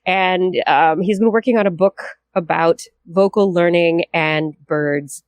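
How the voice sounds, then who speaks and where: A woman's voice: lowish voice, a little slow, no room sound. A woman co-hosting a science podcast, explaining a study in a chatty way and laughing easily. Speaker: co-host. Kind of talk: casual science podcast chat.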